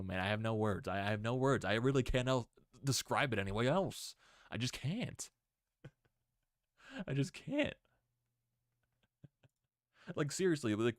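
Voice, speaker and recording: A man hosting a casual sports recap stream, excitable and given to repeated exclamations. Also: low voice, creaky, no room sound, clean studio sound.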